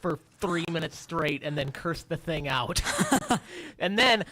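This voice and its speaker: A man on a morning radio show spins a story, jumping into little acted voices and sound effects as he goes. His voice sits a touch high and rings bright and forward. It sounds like a studio microphone. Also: takes it slowly. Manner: animated storyteller, acts out his own voice and sounds. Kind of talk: casual morning radio chat.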